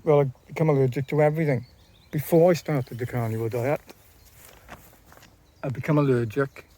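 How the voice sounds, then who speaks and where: A man's voice: a little high, dark tone. A man vlogging in a casual, rambling way, often repeating and restarting his phrases. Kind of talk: casual talk to camera.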